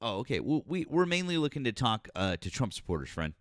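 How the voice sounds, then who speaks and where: A man co-hosting a live stream, talking to a caller in a friendly, brisk way and repeating his words. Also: medium pitch, sing-song, dry recording, studio quality. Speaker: co-host. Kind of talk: taking a call on a live stream.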